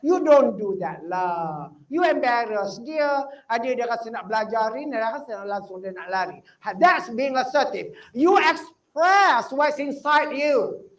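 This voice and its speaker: An older woman from the United States lectures trainee teachers in a lively way, mixing English and Malay. She acts out small everyday exchanges to make her points. Her voice sits high, and she is heard from some distance. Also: a little slow. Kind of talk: motivational talk to trainee teachers.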